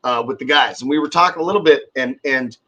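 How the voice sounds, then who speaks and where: A man's voice: mid-range voice, quick pace, bright, forceful tone. A man in his forties telling a long workshop story in casual, profane chat, acting out the people he quotes.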